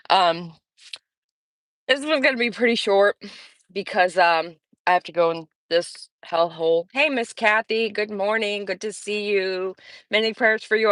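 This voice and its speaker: A woman's voice: lowish voice, fairly bright tone, no room sound, studio quality. A woman hosting a casual live stream, chatting in a rambling way and greeting viewers by name. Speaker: livestream host.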